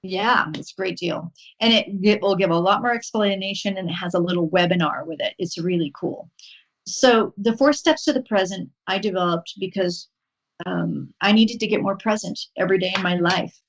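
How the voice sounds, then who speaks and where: A woman speaking as a podcast guest, her voice sitting a little low. She walks through a practice in a calm, unhurried, instructive way, stopping now and then on an um before going on. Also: poor audio. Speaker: podcast guest, horse-assisted wellness coach. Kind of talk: explaining a mindfulness practice in a podcast interview.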